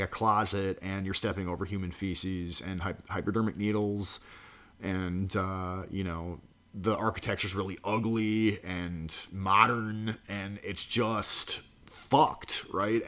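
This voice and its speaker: Male vlogger, somewhat low voice, sneering and profane, riffing over a news clip. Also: fairly bright tone. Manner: profane, mocking rant with frequent laughs. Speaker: political commentary vlogger. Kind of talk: reaction commentary.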